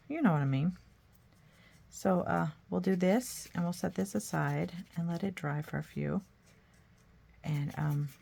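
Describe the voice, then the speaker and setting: Middle-aged lady rambling thru a craft tutorial, kinda gravelly, a bit low, pokes fun at herself. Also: darkish tone. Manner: chatty, rambling, self-deprecating. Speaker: art tutorial host. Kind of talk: casual crafting tutorial chat.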